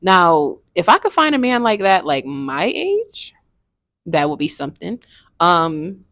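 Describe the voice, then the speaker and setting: Twenties woman, casual book-review vlogger, swings up and down in pitch, candid and rambling. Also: very animated, measured pace, a bit bright, no room sound, clean studio sound. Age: 20s. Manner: frank, rambling, swears casually.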